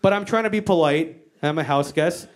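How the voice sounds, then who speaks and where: A woman's voice: sits low, normal speed, slight background noise. Brief: a brash woman stand-up comic, profane storyteller on a handheld mic. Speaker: stand-up comedian. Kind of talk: stand-up comedy. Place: stage before a live audience.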